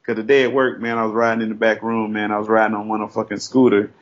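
A man co-hosting a casual podcast, telling stories in a profane, animated way. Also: lowish voice, fast talker, dull audio. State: sore from a fall. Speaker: podcast co-host. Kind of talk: casual chat.

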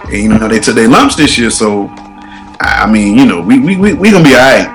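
A man's voice: medium pitch, sing-song, brisk, faint music behind. A man who coaches youth football, talking in a laid-back, slangy way with lots of "you know what I'm saying.". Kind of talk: casual chat.

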